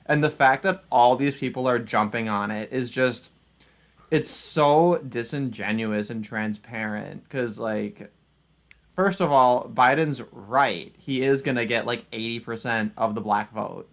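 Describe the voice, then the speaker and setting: A man's voice: medium pitch, a little slow. Rambling sarcastic male streamer. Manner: rambling, sarcastic, frequent restarts and laughs. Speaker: streamer and channel host. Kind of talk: casual opinionated chat stream.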